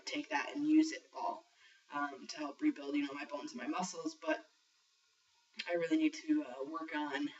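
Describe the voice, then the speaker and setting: A young trans man talking casually in a video diary, rambling with lots of ums and the odd swear word. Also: fairly high pitch. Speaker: vlogger sharing a transition diary. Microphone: built-in camera mic. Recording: muffled lo-fi camera audio from a distance.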